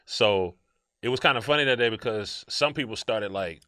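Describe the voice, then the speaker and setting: A man's voice: on the low side, moderate pace, dry recording. A man co-hosting a podcast, chatting casually and laughing often with his co-hosts in a studio. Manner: animated, laughing often, hype intro delivery. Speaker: podcast co-host. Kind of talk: casual chat.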